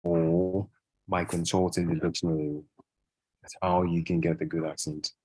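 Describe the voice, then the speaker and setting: Very deep-voiced man in an interview. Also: level tone, moderate pace, dark tone, poor audio. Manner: repeats himself, frequent "yeah" and "right?". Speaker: guest. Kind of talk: casual interview.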